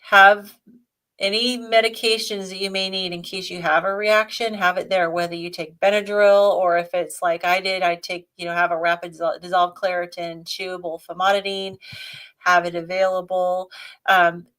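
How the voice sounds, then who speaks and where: A woman co-hosts a live Q&A chat, walking through practical advice step by step in a casual, conversational way. Her voice sits fairly low and sounds a bit bright, with a flat delivery at a moderate pace.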